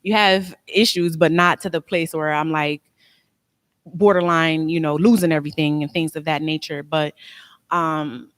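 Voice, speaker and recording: Low-voiced earnest businesswoman. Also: steady tone, normal speed, a bit bright, no echo. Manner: earnest, heartfelt, with many fillers. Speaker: tax preparer and business owner. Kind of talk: motivational business presentation.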